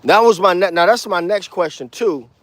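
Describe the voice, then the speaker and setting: Cursing streetwise bass teacher walking outdoors. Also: male voice, normal speed, no room sound. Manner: blunt, streetwise slang with cursing; counts beats out loud while walking. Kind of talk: casual walk-and-talk vlog.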